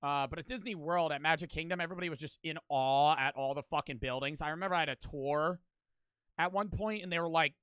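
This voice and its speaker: A man's voice: fairly high pitch, quick pace, fairly bright tone, smooth, dry recording. A man reacting to video clips with crude, sarcastic, swear-filled rants. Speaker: video commentator. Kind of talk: profane comedic rant.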